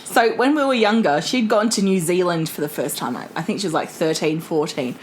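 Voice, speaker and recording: A woman co-hosting a podcast in a playful, jokey casual chat, quick to laugh. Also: on the low side, a little hiss or hum, low-quality recording. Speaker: podcast co-host. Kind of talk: casual chat recapping a baking show.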